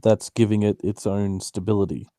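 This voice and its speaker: A man with a low, warm voice chats in a casual podcast discussion, laid-back and wry. The sound is dry and close-miked. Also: flat delivery, moderate pace, no room sound. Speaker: podcast co-host.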